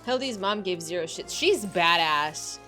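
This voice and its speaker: Giggly, animated woman streamer. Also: lowish voice, unhurried, soft background music. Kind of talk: casual game-stream chat.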